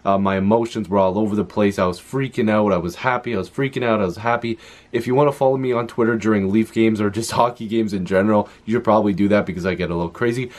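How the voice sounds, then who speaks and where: A young man recapping a hockey game in a casual, excitable way, full of fillers and quick asides. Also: on the low side. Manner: excitable, talks fast with frequent fillers. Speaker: hockey vlogger.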